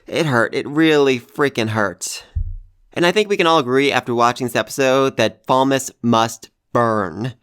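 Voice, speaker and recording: A man reviewing an anime episode, talking in an animated way that swings from hushed sighs to loud exclamations. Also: medium pitch, moderate pace, clear, resonant tone.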